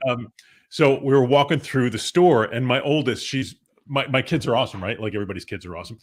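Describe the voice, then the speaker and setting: A man's voice: mid-range voice, fast talker. A middle-aged man, a podcast guest, telling casual anecdotes with frequent laughter. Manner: animated storyteller, laughs often.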